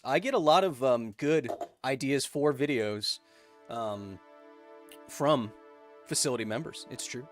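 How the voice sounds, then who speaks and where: Man, science livestream host, casual chat, upbeat and jokey, faint background music. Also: mid-range voice. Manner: upbeat, jokey, bursts of excitement. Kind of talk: livestream chat, reading viewer donations.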